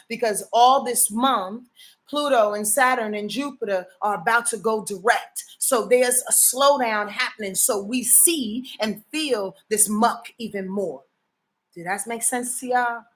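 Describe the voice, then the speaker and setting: A woman's voice: on the high side, a bit bright. Emphatic, profane woman astrologer. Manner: emphatic, profane and preachy, often asks the audience to confirm. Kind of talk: casual live-stream talk.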